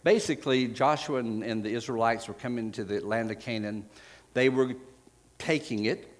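A man preaching a sermon, retelling scripture stories in a casual, conversational way, pausing with fillers and correcting himself as he finds verses. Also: mid-range voice, long reverb tail. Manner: frequent fillers and self-corrections while finding verses.

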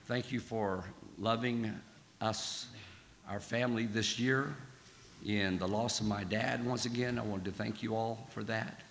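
A man preaching a sermon in an earnest, exhorting way, his voice hoarse and croaky, slowing down on key phrases. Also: lowish voice, fairly even intonation, fairly bright tone, slight background noise. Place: church hall. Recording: long hall reverb.

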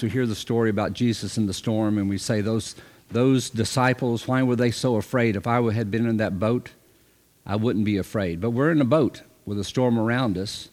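A man's voice: on the low side, darkish tone, in a large hall. A middle-aged man preaching an informal sermon, talking conversationally with fillers and restarts, and reading scripture passages with rising emphasis.

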